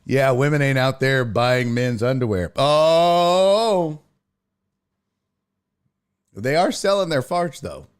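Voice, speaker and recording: A man's voice: mid-range voice, slow, pauses often, smooth. A man hosting a casual sports talk stream, reading viewer comments aloud and riffing on them in loose, profane banter. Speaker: sports talk show host.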